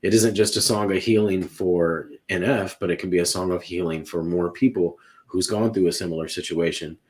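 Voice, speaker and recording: A man with a very low, deep voice chats about music on a podcast. He talks in an earnest, emotional way and rambles, restarting his sentences often. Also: steady tone, moderate pace, a little mellow. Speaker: podcast panelist ranking songs. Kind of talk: casual music discussion.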